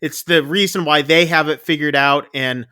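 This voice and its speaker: A man casually retelling a film's plot on a podcast, chatty and loose, with quick asides. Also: on the high side, fairly even intonation, bright, forceful tone, clear, resonant tone, no echo, clean studio sound. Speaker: podcast co-host. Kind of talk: casual movie recap chat.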